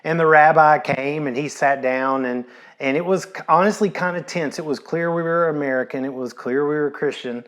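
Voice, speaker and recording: A man, a pastor preaching a sermon in a relaxed, storytelling way, repeating phrases and dropping in casual asides. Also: a little high, moderate pace.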